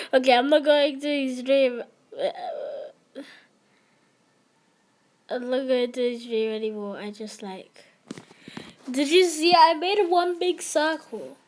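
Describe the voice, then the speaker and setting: A woman's voice: high voice, takes it slowly, pauses often. A young woman chatting casually and giggling while she plays and streams an online game. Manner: chatty, giggly, easily excited. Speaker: gamer streamer.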